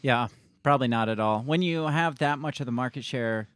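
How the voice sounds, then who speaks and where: A man's voice: mid-range voice, brisk, fairly bright tone, clean tone, no echo, studio quality. A man co-hosting a casual talk stream, reading news aloud and adding his own blunt comments, often laughing and swearing. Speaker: co-host of a live-streamed talk show.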